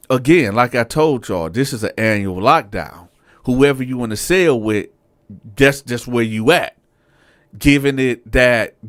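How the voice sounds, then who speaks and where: A man, casually telling a prison story to his audience and acting out the quotes. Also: no room sound. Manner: animated, acts out quotes with rising pitch. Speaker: storyteller, show host.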